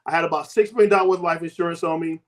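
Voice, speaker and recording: A host and health coach in his fifties tells a personal story at a racing pace, with emphatic, sweeping swings in pitch and loudness. At the same time, his intonation comes across as fairly even.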